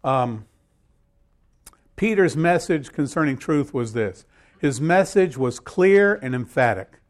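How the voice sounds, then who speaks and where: A man's voice: on the high side, lively intonation, slow pace. A man preaching a sermon, emphatic and repeating key phrases, joking with his listeners. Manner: repetitive, emphatic, jokes with audience.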